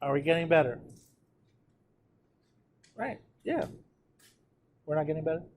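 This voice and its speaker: A male teacher lecturing his class on math, chatty, checking in with the students often and slowing down to dictate the numbers. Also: a little high, expressive, slight background noise. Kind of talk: classroom lecture on trig notes.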